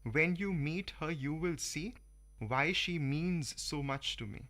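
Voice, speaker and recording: A scheming crocodile from a storybook poem speaks in slow, measured verse as a man reads it aloud. His voice is bright and sits a little high. He coaxes his prey with careful politeness. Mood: coaxing. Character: sly male crocodile in a fable poem.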